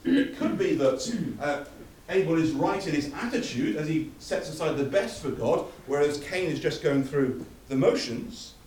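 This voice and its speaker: A man's voice: a little high, animated, normal speed, a little mellow, a little hiss or hum. A man preaching a sermon, emphatic and building through repeated phrases, recorded from a distance in a church hall. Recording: echoey hall from far off.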